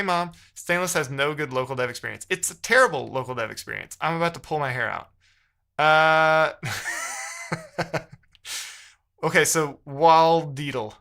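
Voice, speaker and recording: A man's voice: a little high, creaky, sharp tone. A man live-streaming while he codes, talking casually and reading the chat aloud in a frustrated, muttering way.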